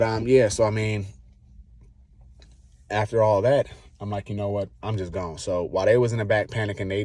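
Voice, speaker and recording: A man with a deep, low voice tells a personal story to camera in a loose, rambling way. He keeps slipping into what he said back then, in relaxed slang. The sound is dry and close, with no room echo. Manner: rambling, acts out his own past lines. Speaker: vlogger.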